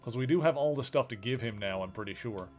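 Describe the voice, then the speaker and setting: Casting note: a male streamer, mid-pitched, thinking aloud over gameplay, with faint music behind. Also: quick pace. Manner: thinks aloud, chatty, rambling. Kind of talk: casual gameplay commentary.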